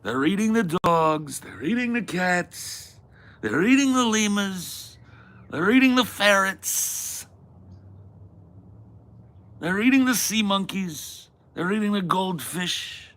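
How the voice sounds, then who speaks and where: A man's voice: sits high, expressive, slow pace, a bit bright, voice pushed up, heavily acted. A man doing an impression of an older male politician, ranting in emphatic, repeated lists. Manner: repetitive, emphatic listing.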